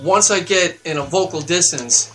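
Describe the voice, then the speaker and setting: A man delivering a heated, profane talk-radio rant, getting louder and higher as he stresses his points. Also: moderate pace, faint music behind. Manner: heated, profane, emphatic ranting that climbs in pitch and volume. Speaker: radio show segment contributor. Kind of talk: ranting talk-radio monologue. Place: radio studio.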